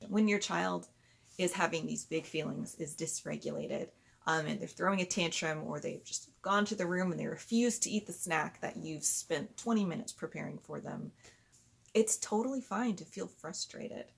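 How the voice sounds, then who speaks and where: A woman explaining parenting steps in a patient, conversational way, sometimes acting out gentle lines a parent might say. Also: on the low side, gravelly. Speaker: parenting educator. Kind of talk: explanatory talk.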